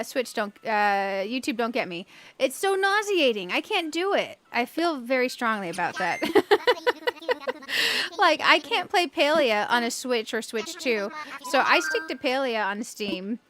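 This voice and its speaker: High-voiced giggly woman streamer. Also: a bit bright. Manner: chatty, giggly, reads chat aloud and rants playfully. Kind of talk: casual live-stream chat while gaming.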